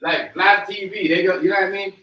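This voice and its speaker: A man's voice: sits high, fairly even intonation, fairly quick, pushed and bright, low-quality recording. Man ranting in a livestream. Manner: mocking, insulting, repeats himself. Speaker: livestream host. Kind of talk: heated reaction rant.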